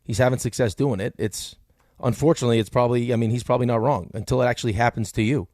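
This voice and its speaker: A man co-hosting a sports talk radio show, joking around and talking quickly into a studio mic. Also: mid-range voice, a little mellow, dry recording. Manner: quick, joking, hamming up ad reads.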